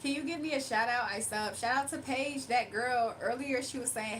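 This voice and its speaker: A woman's voice: high voice, normal speed, few pauses, a bit bright, slight background noise. A young woman from Virginia, hosting a livestream and reading out chat comments in a playful, sassy way with frequent laughs. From Virginia, United States. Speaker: livestream host.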